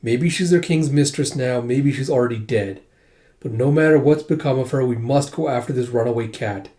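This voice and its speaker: A man's voice: medium pitch, moderate pace, mellow, lightly acted. A man voicing a cold, commanding emperor in a manga read-aloud, in his own plain voice.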